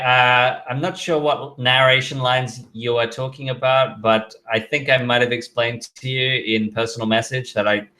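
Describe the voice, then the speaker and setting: Bright-voiced man answering chat questions. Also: medium pitch. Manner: reads out chat questions then answers offhandedly, with fillers. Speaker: YouTuber answering viewer questions. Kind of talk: casual live-stream Q&A.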